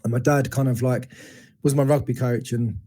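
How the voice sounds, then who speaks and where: Mellow-voiced man recounting painful memories. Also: mid-range voice, fairly even intonation. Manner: open, searching, halting retelling of painful memories. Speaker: interview guest. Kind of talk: candid personal storytelling.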